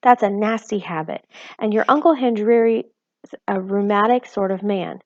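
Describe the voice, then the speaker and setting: A woman reads aloud at a moderate pace, voicing a tiny, anxious, fussy mother who is middle-aged and sharp-tongued. For the character she raises her pitch and sounds worried and exclaiming, and her natural voice comes through with no room sound but with the highs cut off.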